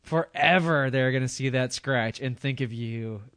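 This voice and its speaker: Man, podcast co-host, deadpan crude humor, medium pitch, dry sound. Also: measured pace, no room sound. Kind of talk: crude casual banter.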